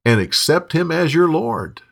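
A man voicing a calm male preacher asking and explaining gently. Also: fairly high pitch, measured pace, gravelly, pitched above the performer's own voice, exaggerated voice.

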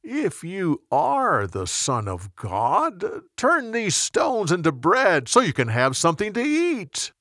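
A man's voice: sits high, wildly swooping pitch, slow pace, few pauses, a bit bright, dry recording, studio quality, pitched above the performer's own voice, heavily acted. A man voicing a sly, coaxing devil. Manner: coaxing and persuasive. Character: sly, scheming male tempter spirit. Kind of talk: storybook narration.

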